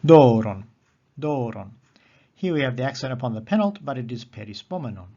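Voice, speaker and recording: A man teaching a recorded lesson on Greek accents, methodical and repeating key terms slowly. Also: mid-range voice, very animated, muffled recording.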